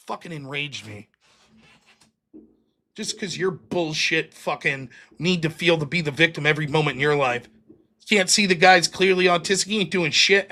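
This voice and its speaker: A man's voice: fairly high pitch, pushed and bright. A man hosting a live stream, ranting bluntly with lots of swearing and reading out viewer donations. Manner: profane, heated, blunt. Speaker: livestream host reading donations. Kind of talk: casual livestream rant.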